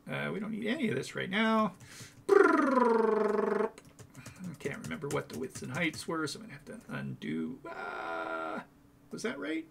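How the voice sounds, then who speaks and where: Gravelly man thinking aloud through code. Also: high voice, wildly swooping pitch, measured pace, fairly bright tone, slight background noise. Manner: chatty, thinking aloud, self-correcting. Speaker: coding tutorial host. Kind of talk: casual screen-share code walkthrough.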